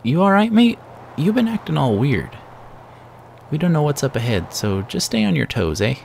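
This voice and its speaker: A man voicing an excited young adventurer, reading game dialogue aloud in a raised, eager manner over game music. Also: fairly high pitch, normal speed, gravelly, slight background noise, voice pushed up. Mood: concerned. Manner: raised, eager, exclamatory delivery.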